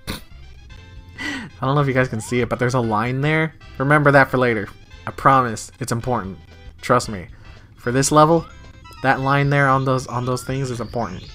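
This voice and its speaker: A man giving casual, excitable let's-play commentary, swearing and laughing often. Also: medium pitch, moderate pace, pauses often. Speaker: gamer. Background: faint game music.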